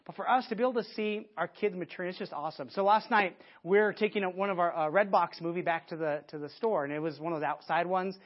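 A man preaching a conversational sermon to a church audience, lively and often restarting his sentences. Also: high voice, quick pace, few pauses. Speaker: pastor. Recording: dull lo-fi sermon recording.

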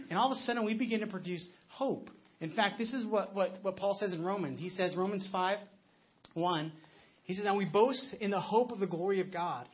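A man's voice: high voice, fairly quick, breathy edge. A man in his thirties preaching a conversational sermon, telling stories with frequent restarts, recorded with a muffled lo-fi sound. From United States. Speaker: pastor.

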